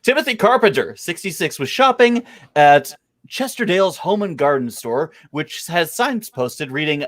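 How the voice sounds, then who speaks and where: A man's voice: fairly high pitch, big pitch swings, normal speed, hardly any pauses, a bit bright. A man co-hosting a casual podcast, reading news stories aloud to his friends. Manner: reads stories aloud, laughs along. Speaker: podcast co-host.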